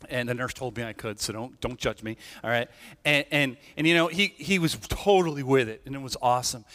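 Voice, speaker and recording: A man's voice: medium pitch, fairly quick, a bit bright. A male pastor preaching a sermon in a casual, conversational way. He often checks in with "right?" and restarts his sentences. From Irish family background. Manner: conversational, tag questions, many restarts. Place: church sanctuary. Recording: church hall with long reverb.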